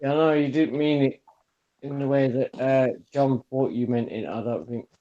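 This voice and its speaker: A man's voice: mid-range voice, steady tone, moderate pace, dark tone, lo-fi sound. A man in casual chat who keeps agreeing with the host in short replies.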